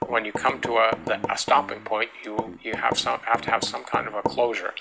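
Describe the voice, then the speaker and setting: A man giving a classroom lecture on meter, talking haltingly with many fillers and restarts, and chanting rhythm syllables to demonstrate. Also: fairly low pitch, flat delivery, creaky. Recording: faint background noise.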